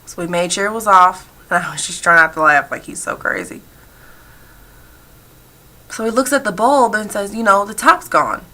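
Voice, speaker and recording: A woman voicing a signed personal story uses lively intonation in a mid-range, sharp-toned voice. Her phrasing halts, repeats, and leans on frequent fillers.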